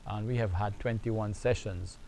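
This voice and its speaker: A man teaching a beginners' Arabic lesson, speaking slowly and repeating phrases for the learner to copy. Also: on the low side, fairly even intonation, gravelly, mellow, poor audio. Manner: slow, repetitive, drills phrases aloud. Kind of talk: online language lesson.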